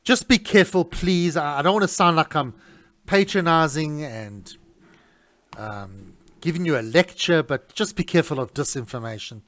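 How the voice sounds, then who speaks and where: A middle-aged man, talking casually on his radio show in an animated, indignant way with many restarts. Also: fairly high pitch, normal speed. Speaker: radio host. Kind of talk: casual talk-radio monologue.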